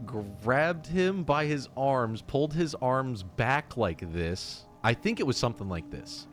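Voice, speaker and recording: A man's voice: mid-range voice, lively intonation, a little slow, soft background music. A man streaming a game, telling stories in casual chat. He laughs often and swears freely. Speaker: let's play streamer. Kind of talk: casual chat while gaming.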